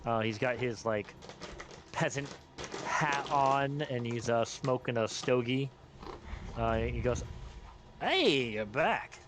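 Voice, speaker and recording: A man running a tabletop game, casual and halting. His voice sits in the middle of the range. A faint hiss runs under the recording. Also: medium pitch, steady tone. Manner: casual, hesitant, many fillers. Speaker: game master.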